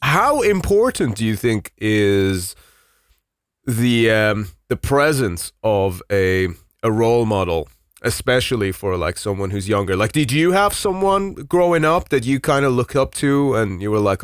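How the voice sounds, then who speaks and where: A man with a fairly low voice hosts a podcast interview, recorded close and dry with no room sound. He asks his questions at an easy, chatty pace. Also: measured pace, clean tone, no echo. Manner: relaxed, conversational questions with fillers. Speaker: podcast host.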